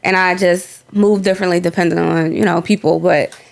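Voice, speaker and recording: A woman co-hosting a podcast in casual chat, calm and thoughtful, with stops and restarts. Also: lowish voice, brisk, vocal fry. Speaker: podcast co-host.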